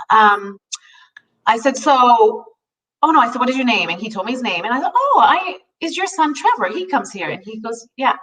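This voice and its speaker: A woman's voice: fairly high pitch, a bit bright. A middle-aged woman co-hosting a talk show, telling a personal story in an earnest, heartfelt way with many restarts. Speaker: co-host. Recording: voice a bit distant from the mic.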